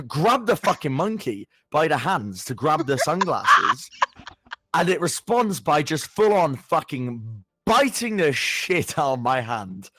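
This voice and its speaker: A young man telling a story in casual chat, animated and sweary, with lots of stumbling restarts. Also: fairly high pitch, no room sound, clean studio sound. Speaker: podcast co-host.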